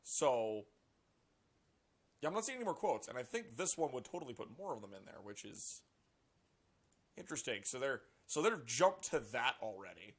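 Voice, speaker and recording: A man reading a news article aloud and reacting to it with sarcastic, profane commentary and animated outbursts. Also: medium pitch, normal speed, pauses often. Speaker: political commentary vlogger.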